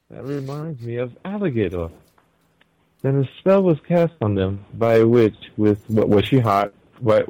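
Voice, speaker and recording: A man's voice: medium pitch, a little mellow, no echo, rough recording. A young man co-hosting a podcast in casual chat, laughing easily and stumbling as he reads aloud. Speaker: podcast co-host.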